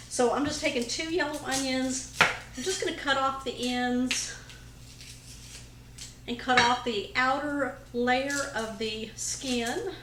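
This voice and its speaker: A woman's voice: a little high, fairly bright tone, a little hiss or hum. Chatty woman hosting a cooking show. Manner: friendly, chatty, addresses viewers as you guys. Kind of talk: cooking demonstration. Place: home kitchen.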